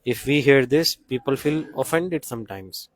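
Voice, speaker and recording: A man translating a devotional discourse in an earnest, repetitive way that turns lively when he retells stories. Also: medium pitch, normal speed.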